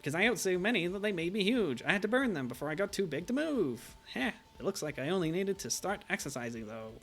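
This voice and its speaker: A brash, gluttonous witch woman with a put-on Cockney accent, as a man plays her. She mocks in a raised, gravelly voice. Faint music runs beneath. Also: high-pitched, sing-song, fast talker, a bit bright, pitched above the performer's own voice, full character voice.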